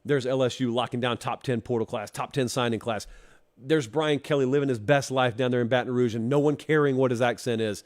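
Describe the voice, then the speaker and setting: Wry, teasing sports show host. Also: male voice, mid-range voice, fairly even intonation, brisk. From Georgia, US. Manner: wry, teasing, emphatic, direct address to fans. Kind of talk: opinionated sports commentary.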